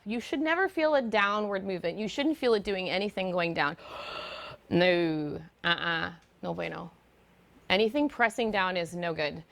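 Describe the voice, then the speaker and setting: A woman's voice: mid-range voice, fairly bright tone. A middle-aged woman vocal coach giving an online singing lesson, chatty and explaining with fillers and demonstrations.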